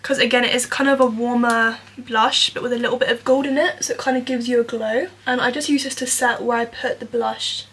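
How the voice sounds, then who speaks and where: A woman's voice: fairly high pitch, fairly even intonation, a little fast, few pauses, a bit bright, slight background noise. A woman in her twenties chatting candidly through a makeup tutorial, full of fillers like "like" and "you know". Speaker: vlogger. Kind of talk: casual makeup tutorial talk.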